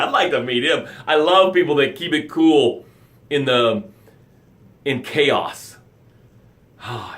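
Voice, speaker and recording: A middle-aged man hosting a live motivational session. His voice sits a bit high, and he talks emphatically. He reads viewer comments aloud, then swings from loud, dramatic pushes to soft, quiet lows.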